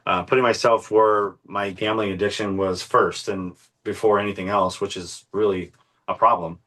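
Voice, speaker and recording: A man's voice: lowish voice, moderate pace. Profane, passionate man telling a story. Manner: profane, passionate, animated retelling with frequent fillers. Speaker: interview guest, author. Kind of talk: casual storytelling.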